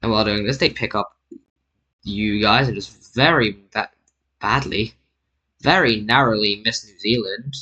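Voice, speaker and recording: A British man narrates a map-drawing screen recording casually, rambling, correcting himself and tossing in jokey asides. His voice is on the low side with a sharp tone, unhurried and full of pauses, and the audio sounds dull.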